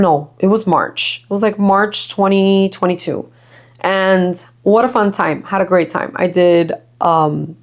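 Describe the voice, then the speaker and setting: Chatty, laughing young woman host. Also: medium pitch. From Miami. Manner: chatty, swears freely, laughs often, mixes Spanish. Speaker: podcast host. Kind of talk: casual chat.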